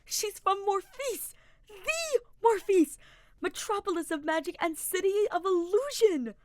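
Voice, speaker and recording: A woman reading a fan-fiction audiobook, voicing an excitable young male paladin who gushes and gasps. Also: a little slow, no echo. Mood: excited. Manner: eager, gasping, squeaky.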